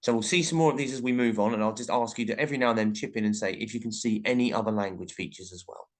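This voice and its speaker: A man's voice: on the low side, rapid-fire. A male teacher explaining language features in a recorded lesson, reading out example sentences as he goes.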